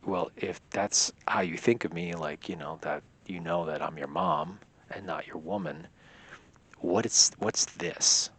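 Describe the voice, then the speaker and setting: A man's voice: low voice, measured pace, a bit bright, husky, exaggerated voice. A young man quoting his mother as a stern, blunt woman confronting her teenage son, with only a slight change from his own voice. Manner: blunt, questioning.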